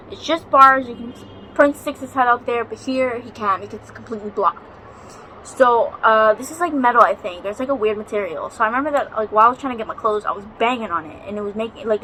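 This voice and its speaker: Young woman rambling through a spooky story at home, bright voice, slightly high, faint hiss behind. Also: rough recording. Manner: chatty, swears freely, dramatic retelling. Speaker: vlogger. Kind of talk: casual storytelling vlog. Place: home, near a balcony.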